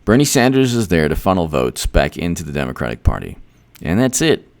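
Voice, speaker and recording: A man hosting casual political commentary, rambling and repeating himself, with animated asides. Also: sits low, brisk, gravelly.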